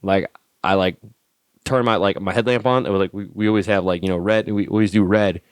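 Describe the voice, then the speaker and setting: A man, an army staff sergeant guest on a podcast, telling stories casually in a profane, animated way and acting out the dialogue. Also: low voice, fairly quick, clear, resonant tone, no echo, clean studio sound. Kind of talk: casual storytelling.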